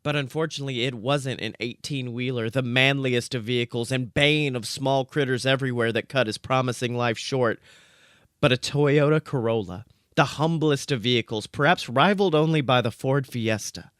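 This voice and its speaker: A man reading out comic fan fiction in a dry, deadpan narrating voice. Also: medium pitch, normal speed, no room sound.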